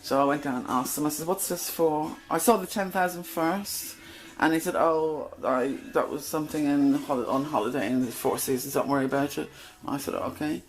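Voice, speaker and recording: A woman's voice: low voice, normal speed, few pauses, faint music behind, rough recording. A middle-aged woman telling stories from her past in a casual, blunt monologue. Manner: chatty, blunt, acts out quoted exchanges. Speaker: channel host.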